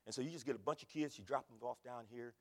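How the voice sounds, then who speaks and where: A man preaching a sermon as pastor, repeating phrases and swinging from loud bursts to quiet asides. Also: mid-range voice, fast talker, big-room sound. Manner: emphatic, repetitive preaching with big swings in loudness. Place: church.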